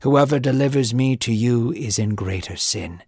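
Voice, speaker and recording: A man doing a calm, quiet prisoner. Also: mid-range voice, normal speed, breathy edge, no echo, clean studio sound. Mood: solemn. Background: music.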